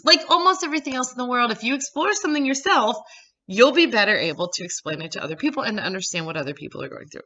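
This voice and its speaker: A woman's voice: fairly high pitch, very animated, fast, pushed and bright, highs cut off. A woman psychologist in her thirties, chatty and upbeat, explaining ideas step by step to her viewers. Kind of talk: casual educational talk to camera.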